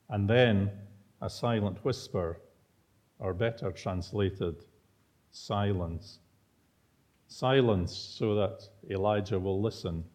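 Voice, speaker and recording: Teacherly male preacher, lowish voice, quizzes the congregation. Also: darkish tone. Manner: teacherly, asks the listeners rhetorical questions. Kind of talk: expository sermon.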